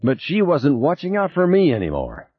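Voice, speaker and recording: A man voicing a tired, exasperated man under pressure, gruff and close to his own low voice, on a slightly dull recording. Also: sing-song, moderate pace.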